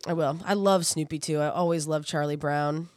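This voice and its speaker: A woman's voice: deep voice, steady tone, moderate pace, a little mellow, no room sound. Gushing woman host, dry sound. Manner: enthusiastic, gushing, laughs often. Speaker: podcast host. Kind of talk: casual podcast chat.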